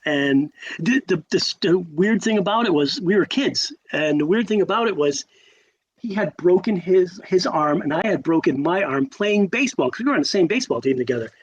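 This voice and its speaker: A man in his sixties from Connecticut, telling stories as a podcast guest in a lively way, acting out quotes and often restarting his sentences. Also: high-pitched, moderate pace, slightly rough, highs cut off. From Connecticut, USA. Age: 60s. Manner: animated, acts out quotes, frequent restarts. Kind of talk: casual storytelling.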